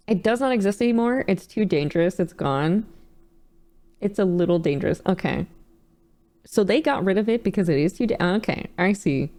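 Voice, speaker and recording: A young adult woman streamer casually reacting to videos, animated and laughing often, with casual swearing. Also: mid-range voice, moderate pace, long pauses.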